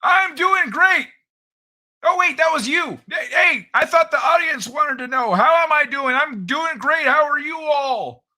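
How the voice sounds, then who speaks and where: A man voicing a loud, cranky old man character on a live stream, grumbling and complaining. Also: very high-pitched, expressive, a little slow, pitched above the performer's own voice, heavily acted. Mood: boastful.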